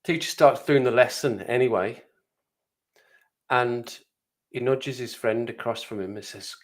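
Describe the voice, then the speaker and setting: A man's voice: mid-range voice, measured pace, pauses often. A man telling a story on a live stream, rambling and repeating phrases for comic effect.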